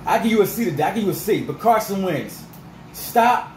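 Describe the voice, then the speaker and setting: A man ranting as a sports fan vlogger, fired up and repetitive, his voice going rough. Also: sits high, expressive, fairly quick, reverberant, a little hiss or hum, rough recording. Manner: fired-up, repetitive, peppered with 'freaking' and 'dog'.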